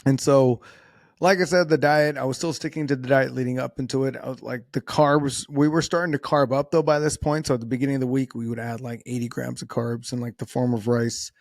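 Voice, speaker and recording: A man's voice: mid-range voice, steady tone, brisk, dry recording, clean studio sound. A man hosting a solo podcast, talking casually in a rambling, self-deprecating way with frequent restarts. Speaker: podcast host.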